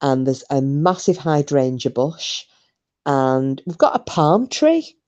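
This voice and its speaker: A middle-aged woman with a low, deep voice talks to her live audience. She rambles from one thought to the next and swears offhandedly. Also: sing-song, slow, a little mellow, muffled recording. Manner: chatty, rambling, swears casually. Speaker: livestream host reading chat. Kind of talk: casual live chat with viewers.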